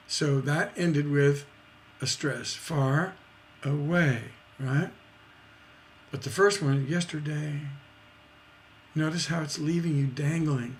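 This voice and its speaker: A man's voice: a little high, slow, creaky, a little hiss or hum. A man teaching songwriting in a livestreamed lesson, scatting syllables to show rhythm and checking in with "right?".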